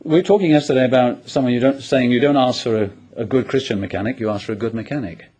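A man's voice: medium pitch, quick pace, mellow, slightly rough. A man preaching an expository sermon, asking the congregation rhetorical questions and illustrating points with personal anecdotes.

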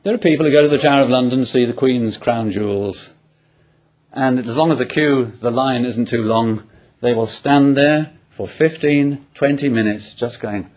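A man's voice: mid-range voice, moderate pace, a little mellow. A man preaching an expository sermon, asking the congregation rhetorical questions and illustrating points with personal anecdotes.

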